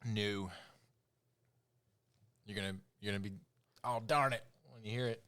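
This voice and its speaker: A man's voice: lowish voice, steady tone, moderate pace, bright, forceful tone, clean tone. A man co-hosting a casual podcast, running a trivia quiz and teasing the others with frequent laughs. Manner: teasing quizmaster, laughs often.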